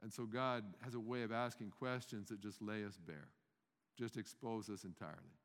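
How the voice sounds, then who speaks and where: A man's voice: fairly low pitch, fairly even intonation, normal speed. A man preaching a sermon in a conversational way, asking his congregation rhetorical questions and often restarting his sentences. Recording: long reverb of a hall.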